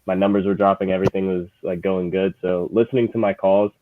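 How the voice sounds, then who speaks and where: A man in his twenties, a guest lead manager, talking in a relaxed, halting way with many fillers. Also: sits low, a little hiss or hum. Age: 20s. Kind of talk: casual chat. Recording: tinny phone-like call audio.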